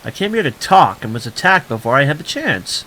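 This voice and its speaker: A man reading a game hero, flat. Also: medium pitch, brisk, a little hiss or hum, poor audio. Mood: stern. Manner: read in a flat, tired voice. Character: male adventurer, the player's hero.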